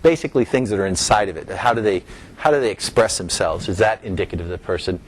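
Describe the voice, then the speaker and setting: A man's voice: lowish voice, fast, slight background noise. A middle-aged man giving an academic lecture, explaining step by step and lifting his voice on key terms. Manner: explanatory, rising emphasis on key terms, some restarts.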